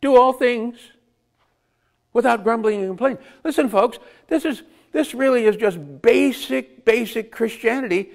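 A man's voice: extremely high pitch, normal speed, vocal fry. A man preaching a conversational sermon, asking the congregation rhetorical questions and chuckling between points. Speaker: pastor.

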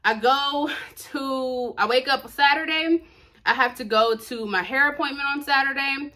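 A young woman tells a storytime to her vlog viewers, chatty and dramatic. Her voice is bright and sits a little high. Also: a little slow. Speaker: book vlogger.

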